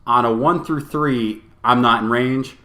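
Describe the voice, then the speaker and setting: A man co-hosting a podcast, telling a tabletop tournament story in a casual, animated and profane way, acting out both sides of the argument. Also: medium pitch, unhurried. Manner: animated, profane storytelling with quoted back-and-forth. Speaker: podcast co-host. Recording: roomy echo.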